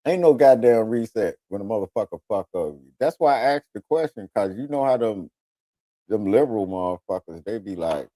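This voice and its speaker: A man's voice: fairly low pitch, moderate pace, dry recording. A man hosting a radio talk show, telling profane, comedic stories and often slipping into the voices of other people. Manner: animated storytelling, switches into voices of others.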